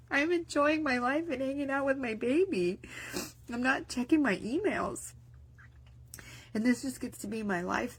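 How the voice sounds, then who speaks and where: A woman's voice: mid-range voice, slightly rough. A woman vlogger talking in a casual, rambling spoken-diary monologue, with many restarts and fillers. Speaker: mindset vlogger and business owner.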